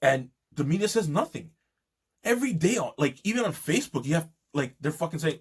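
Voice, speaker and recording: A man rants angrily into the camera, swearing constantly as his indignation builds. His voice is husky and slightly rough. He talks in a loose, heated monologue full of restarts. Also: on the high side, very animated, fairly quick. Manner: profane, indignant ranting. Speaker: video host. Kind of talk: angry monologue.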